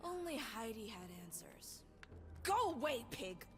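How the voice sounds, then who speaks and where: A deranged, grieving young woman lashes out with savage, erratic threats. Her voice sits high and leaps all over the place. Loud game music plays under her. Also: sing-song, a little slow. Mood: suspicious.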